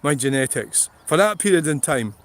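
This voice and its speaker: This middle-aged man from Scotland, a vlogger, livestreams from an outdoor field in blunt, rambling chat laced with swearing and frequent laughs. His voice leans high, with lively intonation and a moderate pace.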